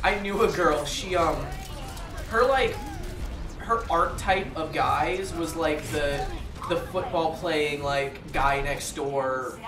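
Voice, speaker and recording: A man's voice: fairly high pitch, takes it slowly, over music. Male gaming host, casual rambling chat, echoey room, distant mic. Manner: rambling, with many fillers and restarts. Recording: roomy echo, distant mic.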